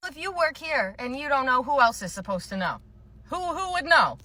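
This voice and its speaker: A woman's voice: high-pitched, very animated, moderate pace, pushed and bright, pitched above the performer's own voice, full character voice. A woman voicing a pushy, whiny mother hunting for a costume and blaming the clerk.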